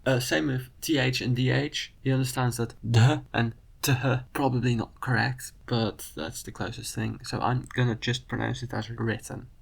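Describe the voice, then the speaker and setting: Dutch guy w/ a bit of gravel in his voice, mid pitch, picking apart spelling choices calmly. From Netherlands. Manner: measured, matter-of-fact critique. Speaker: video creator. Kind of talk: commentary on a spelling video.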